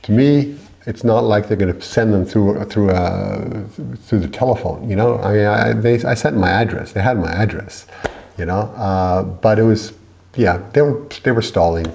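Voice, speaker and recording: A man's voice: fairly low pitch, moderate pace, creaky, a little mellow, lo-fi sound. A middle-aged man from the United States, irritated and rambling as he complains in a vlog, with many restarts. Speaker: vlogger.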